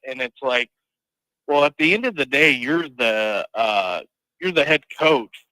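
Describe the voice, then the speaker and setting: A man calling in to a sports talk show, giving his take haltingly with many pauses and ums. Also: medium pitch, bright, forceful tone, clean tone, no echo, poor audio. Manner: slow, hesitant, with many ums. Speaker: caller. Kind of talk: phone-in sports opinion.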